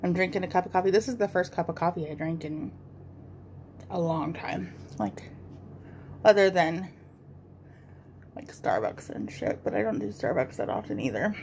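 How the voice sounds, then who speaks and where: A woman's voice: on the low side, sing-song, unhurried, pauses often, darkish tone, a little hiss or hum. A woman in her thirties chatting casually and rambling while doing her makeup at home, swearing freely. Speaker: beauty vlogger.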